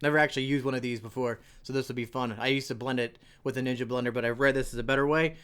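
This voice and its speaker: A young adult man talks through a homemade recipe in his home kitchen. His voice is smooth and clear at a middle pitch, and his delivery is casual and chatty, with joking asides to the viewers. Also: steady tone, rapid-fire, a bit bright. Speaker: cooking video host. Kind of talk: casual cooking demonstration.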